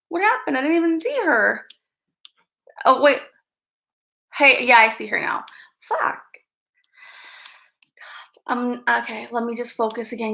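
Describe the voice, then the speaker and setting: Woman streamer, giggly, scattered, talks to chat. Bright tone, some vocal fry. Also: on the high side. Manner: giggly, easily distracted, greets chat by name. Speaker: live stream host. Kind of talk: casual live-stream chat.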